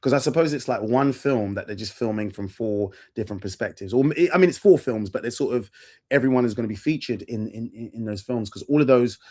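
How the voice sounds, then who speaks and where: A man hosting a casual podcast chat, animated and quick, jumping into quoted voices as he talks. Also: medium pitch. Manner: animated, rapid asides, jumps into quoted voices. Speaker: podcast host.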